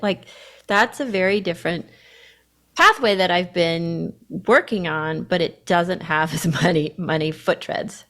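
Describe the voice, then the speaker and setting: Brief: candid woman podcast co-host with a slightly low voice, reflective, breaks into loud put-on inner voices. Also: normal speed. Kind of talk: reflective conversational chat.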